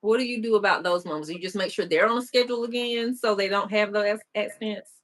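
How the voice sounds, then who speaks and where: A woman's voice: mid-range voice, fast talker, fairly bright tone. A woman hosting a live-stream who asks questions in a chatty, informal way and giggles and teases herself often. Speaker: livestream host. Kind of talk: casual live-stream interview.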